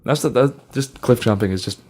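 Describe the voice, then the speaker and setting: A man's voice: mid-range voice, a little fast, darkish tone, breathy edge. A man about twenty, co-hosting a podcast, telling a funny story with lots of laughter and swearing. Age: young adult. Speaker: podcast co-host. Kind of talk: casual chat.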